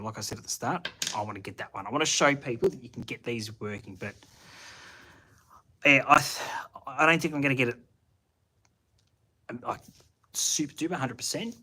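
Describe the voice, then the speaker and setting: Casting note: broad Australian bloke, bright, forward tone, rambling and slangy, live chat from the shed. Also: male voice, mid-range voice, slight background noise. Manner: rambling, thinks aloud with restarts and Aussie slang. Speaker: channel host answering live chat. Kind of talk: casual livestream chat. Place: home shed at night.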